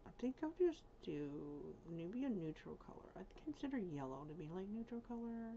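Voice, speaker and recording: Brief: woman streamer at home, chatty and thinking aloud, mellow gravelly tone, dull lo-fi stream audio. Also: on the low side, very animated, moderate pace, slight background noise. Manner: chatty, thinks aloud, teases her dog between tasks. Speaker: live streamer. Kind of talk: casual live-stream chat while building in a game.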